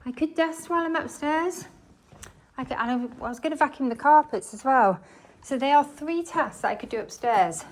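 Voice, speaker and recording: A slightly winded cleaning vlogger chats to the camera while she cleans her home, her thoughts spilling out alongside jokes at her own expense. The high-sitting voice has lively intonation and normal speed, captured indoors on a chest-harness phone.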